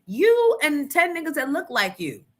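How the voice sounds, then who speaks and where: A woman's voice: sits high, wildly swooping pitch, a little slow, a bit bright. A woman radio host telling a personal story in a brash, profane, emphatic way. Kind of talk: storytelling on a morning show.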